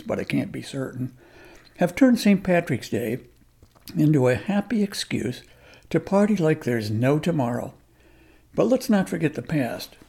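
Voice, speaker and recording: Folksy man with a mellow voice. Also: medium pitch, husky. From United States. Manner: folksy, wry and conversational. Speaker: radio commentary host. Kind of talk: scripted radio commentary.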